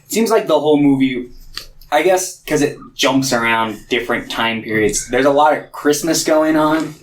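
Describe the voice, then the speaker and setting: A man co-hosting a casual movie podcast, talking in a hesitant, halting way full of fillers. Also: mid-range voice, low-quality recording. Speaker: podcast co-host. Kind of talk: casual movie-review chat.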